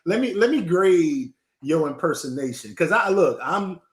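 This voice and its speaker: A man's voice: a little high, animated, normal speed, roomy sound. A man who is a city council candidate, joining an interview by video call and talking in a playful, hyping way that repeats phrases. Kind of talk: casual interview chat.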